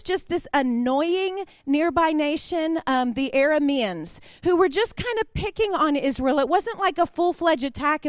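High-voiced woman preaching casually. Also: dry recording, clean studio sound. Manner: chatty and conversational, with acted-out quotes. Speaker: pastor. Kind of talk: sermon.

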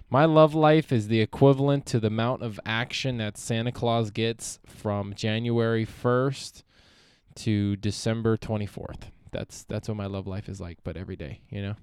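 A young man hosts a solo podcast, rambling and swearing freely, often trailing off and restarting in a profane, meandering, self-interrupting way. His voice is fairly low, darkish and smooth, at normal speed. The recording is dry and studio quality.

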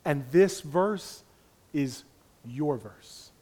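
A man preaching a sermon in repeated rhythmic phrases, swinging from hushed near-whispers to loud impassioned cries. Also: on the high side, a little slow. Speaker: pastor.

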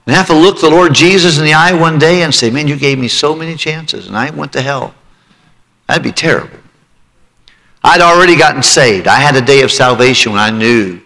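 A man preaches a sermon, sharing his own emotional testimony and building to a pleading altar call for listeners to respond. His voice is medium-pitched with a sharp tone, and long hall reverb surrounds it.

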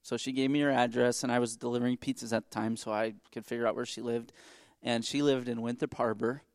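A man's voice: medium pitch, level tone, fast talker, no room sound, clean studio sound. A middle-aged man, co-hosting a podcast and telling a long story in casual chat, with many restarts and asides. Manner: rambling, self-interrupting storyteller. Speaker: podcast co-host.

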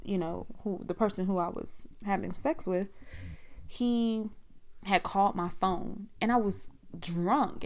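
Woman telling a wild personal story, swears a lot, takes her time, just rambling on. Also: medium pitch. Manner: frank and profane, with a rambling, conversational flow.

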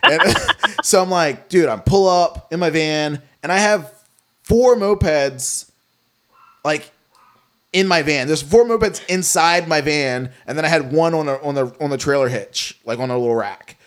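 A young man telling a rambling, profane story to friends, animated and full of restarts. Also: fairly high pitch, a little slow.

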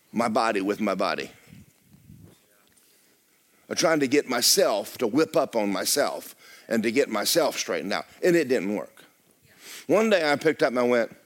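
With a medium-pitched voice, a man preaches as a pastor, his sermon lurching from booming exclamations to quiet, nearly whispered passages.

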